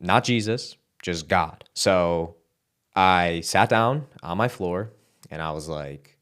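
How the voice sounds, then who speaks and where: A young man giving a halting, emotional personal testimony, close to tears, with casual fillers and sighs. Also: low-pitched, a bit bright, clean tone. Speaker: content creator sharing his testimony.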